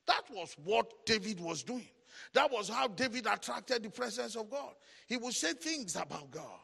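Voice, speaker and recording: A man's voice: high-pitched, expressive, normal speed, gravelly, husky, big-room sound. A man preaching a sermon, calling out titles and leading the congregation in repeated declarations. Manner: chanting call-and-response, shouted declarations. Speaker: pastor.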